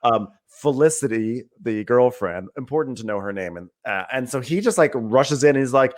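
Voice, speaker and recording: A man's voice: mid-range voice, a little fast, hardly any pauses. A man co-hosting a podcast, recapping a movie in casual chat and acting out its lines. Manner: animated storytelling, acts out the movie's lines. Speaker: podcast co-host.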